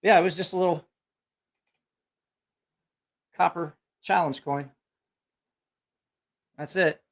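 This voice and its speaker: This livestream host has a slightly high voice, a steady tone, and a moderate pace. In a casual stream, he spins a rambling, profanity-laced story stuffed with quoted voices, and he mentions having a school-age kid, which places him as an adult.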